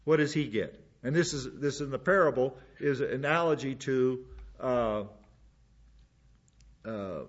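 A male pastor delivering a sermon, repeating words for emphasis and dropping into quiet asides. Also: medium pitch, a little slow, pauses often, dull audio.

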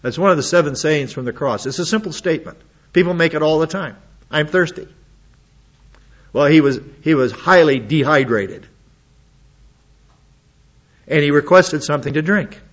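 A man's voice: fairly high pitch, lo-fi sound. A man preaching a sermon, reading Bible passages aloud and breaking in with casual, plain-spoken comments. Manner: reads scripture aloud then adds quick casual asides.

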